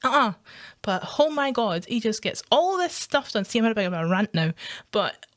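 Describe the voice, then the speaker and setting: Animated Scottish woman ranting. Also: on the high side, normal speed. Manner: swearing, animated, laughs often. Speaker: gaming vlogger. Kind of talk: casual ranting commentary.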